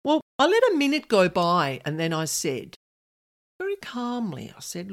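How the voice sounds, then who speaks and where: A woman hosting a podcast, telling a personal story in a chatty, animated way and quoting voices. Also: fairly low pitch, moderate pace. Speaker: podcast host.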